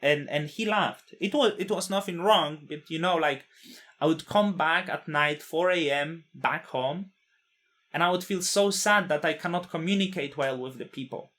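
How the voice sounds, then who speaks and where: A man's voice: fairly high pitch, normal speed, fairly bright tone. A man in his thirties, not a native English speaker, telling a personal story in a candid, blunt way, with swearing and frequent restarts.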